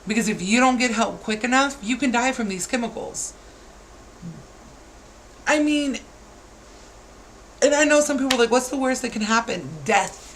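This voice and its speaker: A woman's voice: fairly high pitch, moderate pace, pauses often, slight background noise, rough recording. A woman in her thirties, a parent, ranting to camera with exasperated, scolding rhetorical questions. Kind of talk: heated rant to camera.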